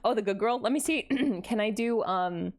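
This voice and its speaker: A woman's voice: fairly high pitch, moderate pace. A young adult woman streaming casually, greeting chat with gasps and laughs. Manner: bubbly, gasping greetings to chat, frequent laughs. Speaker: VTuber streamer.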